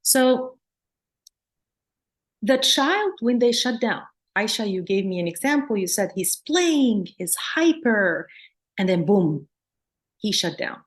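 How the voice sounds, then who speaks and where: A woman's voice: mid-range voice, very animated, takes it slowly, pauses often. Earnest woman psychologist teaching. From Palestine, raised in Jordan. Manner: earnest, explanatory, demonstrates soothing sing-song tones. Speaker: psychologist and lecturer. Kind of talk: teaching a workshop.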